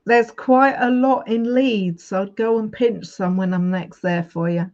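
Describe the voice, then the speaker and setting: A woman's voice: mid-range voice, measured pace, a little mellow, dull audio. A woman co-hosting a casual radio chat, giving short agreeing replies and laughing along.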